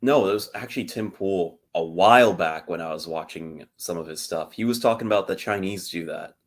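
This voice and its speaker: A man's voice: sits low, fairly quick. A man co-hosting a podcast, talking casually and rambling with many fillers and restarts. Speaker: podcast co-host.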